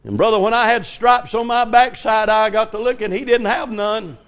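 An older man preaching a folksy revival sermon, telling stories and rising to sudden shouts. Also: high-pitched, normal speed. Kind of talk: old-fashioned revival sermon.

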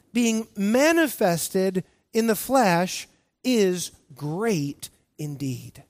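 A man preaching a sermon as pastor, earnest, drawing out key words with slow emphasis and often restarting his phrases. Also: high-pitched, darkish tone, no room sound.

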